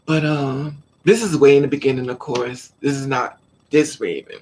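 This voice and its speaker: A woman's voice: very deep voice, steady tone, moderate pace, a little mellow, breathy edge. A woman vlogger telling stories in a casual livestream chat and talking straight to her viewers. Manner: chatty storytelling, addresses viewers directly.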